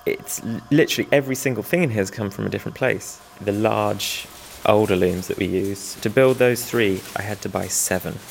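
A man with a low, gravelly voice talks about weaving in a documentary interview. He rambles a little, makes fun of himself and chuckles now and then. His tone stays easy and unhurried. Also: a little hiss or hum. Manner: self-deprecating, chuckling, rambling. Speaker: weaver restoring old looms.

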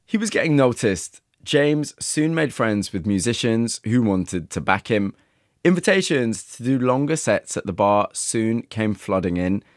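A man narrating a documentary and asking questions, in a measured, matter-of-fact way. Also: on the low side, big pitch swings, no room sound, studio quality. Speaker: interviewer and narrator.

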